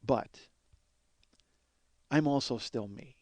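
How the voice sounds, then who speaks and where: A man's voice: medium pitch, slow pace, dry recording. A man in his forties, hosting a podcast, tells a comic story in a profane, self-mocking, ranting way. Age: 40s. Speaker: podcast host. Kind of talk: comedic storytelling monologue.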